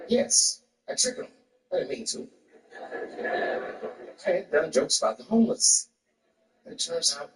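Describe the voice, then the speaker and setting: A man's voice: medium pitch, a bit bright. A man doing a profane stand-up routine on stage, telling a story. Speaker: stand-up comedian. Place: stage before an audience. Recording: roomy, distant stage recording.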